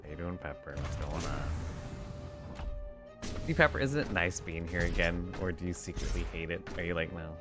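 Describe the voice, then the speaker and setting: A man's voice: low-pitched, normal speed, over music. A man streaming a game, chatting playfully and rambling to his viewers and his pets. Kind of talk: casual gameplay stream chat.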